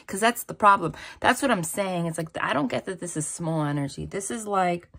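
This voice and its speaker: Brisk, gravelly, and sharp, this woman's fairly low voice barely pauses while she gives a spiritual tarot and angel-message reading to camera. She keeps it chatty and reassuring, with frequent "like" and "right?".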